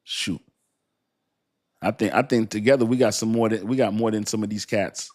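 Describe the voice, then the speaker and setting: A man's voice: fairly low pitch, fairly even intonation, moderate pace, a little mellow. A man hosting a casual crypto livestream, talking straight to his viewers in a rambling, slangy way, laughing often and poking fun at himself. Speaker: crypto channel host.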